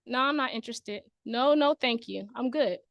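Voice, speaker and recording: A woman's voice: high voice, fast, no room sound. A woman putting on the voice of a startled man who turns down every offer. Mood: dismissive. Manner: dismissive, flat refusals.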